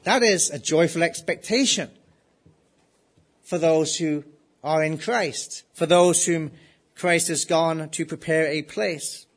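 Man preaching with earnest rhetorical questions. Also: fairly high pitch. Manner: earnest, asks listeners rhetorical questions, repeats key phrases slowly. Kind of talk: sermon.

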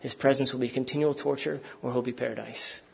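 Preacher, male, husky tone, conversational sermon delivery to a live congregation. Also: mid-range voice, steady tone, fast.

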